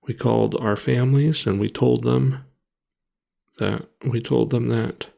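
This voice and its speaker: A man in his thirties, a podcast co-host, telling a personal story in a halting, grieving way with many restarts and pauses. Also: mid-range voice, steady tone, vocal fry, mellow.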